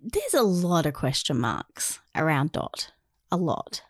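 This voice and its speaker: A woman, co-hosting a podcast, speaking softly in casual review chat. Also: low-pitched, wildly swooping pitch, slow pace, breathy edge, no room sound, clean studio sound. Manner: soft-spoken, brief agreeing replies. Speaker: podcast co-host.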